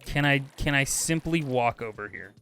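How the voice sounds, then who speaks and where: A man streaming a video game live, chatting with viewers and reacting loudly, swinging between excited yelps and low mutters. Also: moderate pace, faint music behind. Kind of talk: casual live gameplay commentary.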